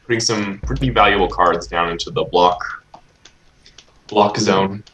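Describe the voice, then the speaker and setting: A man's voice: low-pitched, steady tone, measured pace, fairly bright tone. A man giving laid-back, analytical co-commentary on a game match, hedging with ums. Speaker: esports co-commentator. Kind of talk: casual live-stream commentary. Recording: echoey room on a stream mic.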